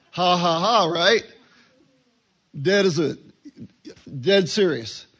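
Guy teaching bible stuff, fairly high voice, chatty, acts out little back and forths. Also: lively intonation, slow, pauses often, fairly bright tone. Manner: conversational, acts out little dialogues, fillers.

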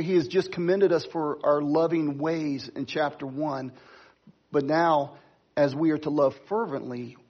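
A middle-aged man preaching a sermon, stressing key words slowly and talking to the congregation in asides. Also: a little high, husky, highs cut off. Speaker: pastor.

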